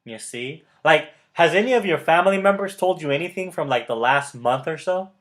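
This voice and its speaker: Brief: fired-up male mentor, slightly high voice, hammering points home with repetition and quick laughs. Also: expressive, fairly bright tone. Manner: enthusiastic and emphatic, repeats key words; laughs often mid-sentence. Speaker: motivational mentor. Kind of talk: casual coaching chat.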